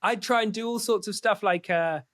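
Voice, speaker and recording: A man's voice: high-pitched, moderate pace, a bit bright, no echo. A man speaking as a podcast guest in candid, casual conversation, swearing freely and often restarting his sentences.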